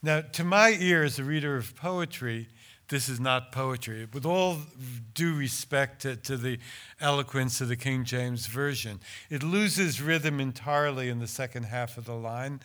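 A man's voice: mid-range voice, fairly bright tone. An older man, a translator, giving a talk about his translations, hesitant and full of restarts while explaining. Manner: hesitant, stammering restarts in explanation, measured and declamatory when reciting. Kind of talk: lecture with poetry reading.

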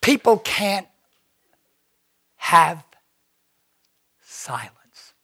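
An older man tells stories in an interview with a gravelly, husky voice that sits fairly high for a man. He rambles into tangents and mimics the people he quotes. The sound is close and dry, with no room around it. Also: very slow, dry recording. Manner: animated, acts out quoted voices; digressive, rambling. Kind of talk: storytelling anecdote.

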